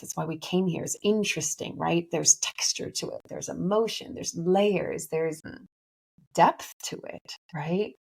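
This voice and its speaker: A young adult woman with a low voice and a gravelly edge, talking slowly through her thoughts about the inner self. She rambles with fillers and restarts as she reflects, in the loose manner of a spiritual reader. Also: a little mellow. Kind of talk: casual reflective monologue.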